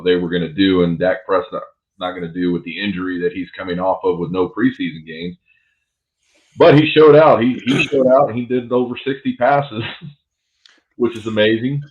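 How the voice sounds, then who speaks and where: A man co-hosting a casual sports podcast, laid-back and agreeable as he talks football. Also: on the low side. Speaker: podcast co-host, Cowboys fan. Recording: dull lo-fi sound.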